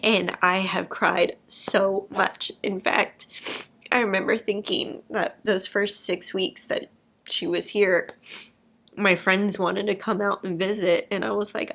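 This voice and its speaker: A woman's voice: medium pitch, flat delivery, takes it slowly, vocal fry, a bit bright. A young woman in a candid personal vlog, talking openly and emotionally to camera and swearing casually. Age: young adult. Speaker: vlogger.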